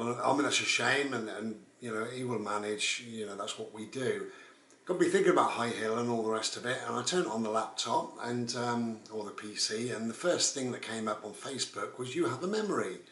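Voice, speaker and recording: A man's voice: medium pitch, fairly bright tone. A man, telling a rambling, casual story as a vlogger. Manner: rambling, with frequent "and all the rest of it". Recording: roomy, distant mic.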